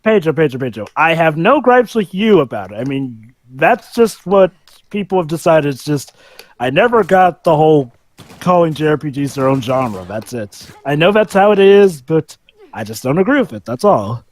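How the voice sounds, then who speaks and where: A man with a high, bouncy voice trades teasing banter while commentating a game with friends. The sound is dry and close. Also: very animated, moderate pace, no room sound. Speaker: let's play co-host. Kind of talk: casual group commentary.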